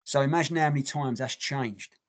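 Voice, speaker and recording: A man's voice: medium pitch, a little fast. A man co-hosting a podcast in casual chat, blunt and swearing freely. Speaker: podcast co-host.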